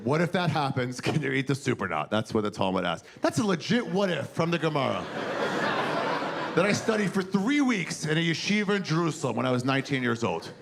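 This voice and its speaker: Crude stand-up comic with a gravelly voice. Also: male voice, on the high side, a little fast. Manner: crude, animated storytelling, acts out characters. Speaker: stand-up comedian. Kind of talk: stand-up comedy set. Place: theater stage before a live audience. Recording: noisy live room with audience laughter.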